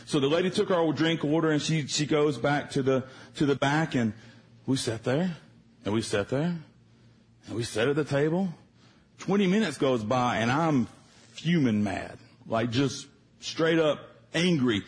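Husky-voiced preacher telling a story. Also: male voice, on the high side, measured pace. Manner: conversational, animated storytelling. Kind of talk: sermon with personal storytelling.

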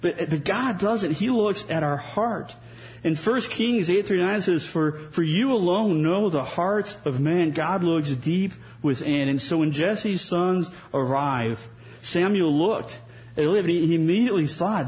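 Pastor, male, higher than average voice; earnest conversational sermon with wry asides. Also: measured pace, darkish tone, poor audio. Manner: earnest, with wry sarcasm and small repeats.

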